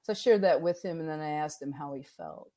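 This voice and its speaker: A woman guest in a casual interview chat, speaking thoughtfully and calmly, pausing to find her words. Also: sits low, rough recording. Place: home with a dog nearby.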